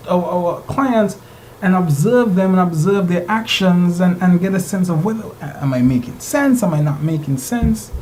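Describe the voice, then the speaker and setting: A male instructor delivers a classroom lecture in a mellow, warm voice, turning often to his students with rhetorical questions. His speech is plain and direct, with a faint hiss of background noise behind it. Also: high-pitched, poor audio.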